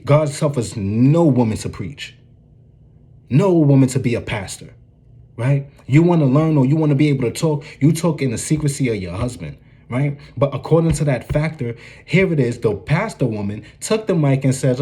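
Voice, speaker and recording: Mellow-voiced man preaching earnestly. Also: mid-range voice, lively intonation, normal speed. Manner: earnest, repeats "you dig what I'm saying". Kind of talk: informal preaching commentary.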